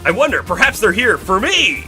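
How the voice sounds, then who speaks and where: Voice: mid-range voice, sing-song, normal speed, bright, forceful tone, soft background music. Etamon, a boastful rock-star monkey villain, read out by a streamer. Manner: showy, self-important.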